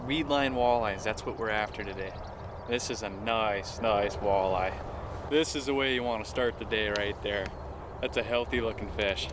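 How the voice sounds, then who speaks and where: A man hosting a fishing show from his boat outdoors, narrating with excitable, folksy exclamations. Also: medium pitch, noisy background. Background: background music.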